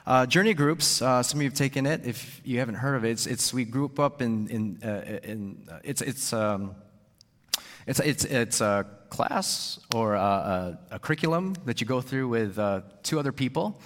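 A man's voice: medium pitch, normal speed. A male pastor delivering a sermon, often repeating words and tagging sentences with "right?". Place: church. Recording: long reverb in a church hall.

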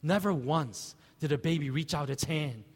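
A man preaching a sermon as pastor, conversational and animated, asking rhetorical questions. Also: fairly high pitch, moderate pace, slightly rough, in a large hall.

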